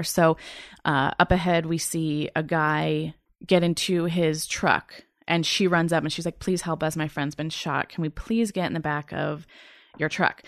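A woman in her thirties, an interview guest giving a personal account in a halting, earnest way, with frequent pauses, fillers and restarts. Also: deep voice, dry recording, studio quality. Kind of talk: personal testimony in a sit-down interview.

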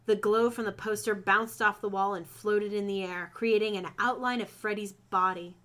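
A woman reads fan fiction aloud with friends in a bright, sharp voice. She keeps breaking off to joke and laugh between the lines. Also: mid-range voice, steady tone, moderate pace. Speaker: reader.

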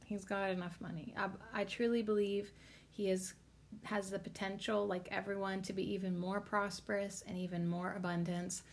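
A woman hosting a podcast and reading cards, rambling casually with lots of filler words and spiritual talk, sounding tired and low on energy. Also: level tone, normal speed.

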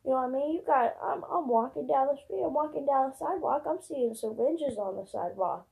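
A woman's voice: high voice, fairly quick, creaky, hardly any pauses, mellow. A young woman vlogging alone in a casual, profane, rambling rant full of fillers and rhetorical questions. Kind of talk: casual ranting monologue.

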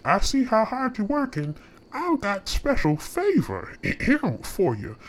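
Woman voicing a smooth, sweet-talking wealthy man, swooping pitch, flirty drawl. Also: wildly swooping pitch, takes it slowly, exaggerated voice. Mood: flirtatious.

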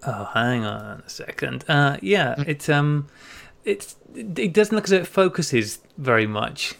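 English male podcast co-host, gravelly voice, chatty and amused. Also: a little high, animated, fairly bright tone. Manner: chatty, easy laughs, quick asides. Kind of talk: casual podcast chat, reading listener emails.

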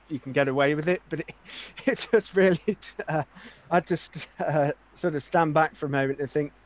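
A man's voice: a little high, moderate pace. An actor answering interview questions, hesitant and wry, thinking aloud as he goes. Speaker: actor, regular host. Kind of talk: casual podcast interview.

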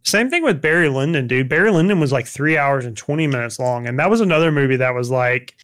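A man's voice: medium pitch, expressive, fast, fairly bright tone. A young man chatting casually about films, rambling with lots of fillers and restarts.

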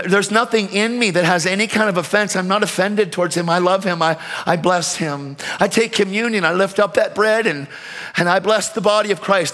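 A man from the United States preaching a sermon, fervent, swinging between shouted calls and hushed storytelling. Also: high-pitched, in a large hall.

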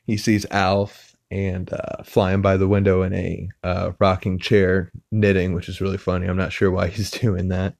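Deep-voiced man rambling through a recap. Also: completely flat delivery, moderate pace, creaky, few pauses, darkish tone, no echo, studio quality. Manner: rambling, lots of "uh" fillers. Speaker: podcast host. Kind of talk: casual episode recap. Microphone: podcast mic.

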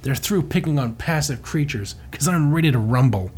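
A man reading the lines of a stern, armored female bounty hunter from a comic, flatly and without much acting. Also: medium pitch, normal speed, a little hiss or hum, natural voice.

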